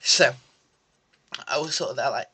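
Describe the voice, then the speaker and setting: A young man talks straight to camera in a casual vlog, sarcastic and animated. His voice is bright and forward, set at an ordinary middle pitch. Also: moderate pace, husky. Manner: animated, sarcastic ranting with mock French asides. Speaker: vlogger.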